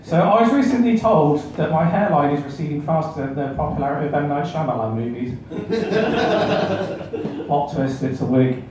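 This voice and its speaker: A man's voice: fairly high pitch, expressive, normal speed. Self-mocking stand-up man, echoey club. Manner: self-deprecating, awkward banter with audience. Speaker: stand-up comedian. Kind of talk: stand-up set. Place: comedy club stage. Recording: echoey club room, mic far off, background noise.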